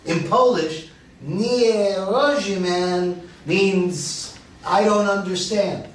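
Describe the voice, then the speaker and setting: A man's voice: sits high, lively intonation, unhurried. A man reading the role of a chatty, joking older man in a virtual play reading, over an echoey, distant video call. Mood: wry. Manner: jokey, chatty, laughs at his own lines.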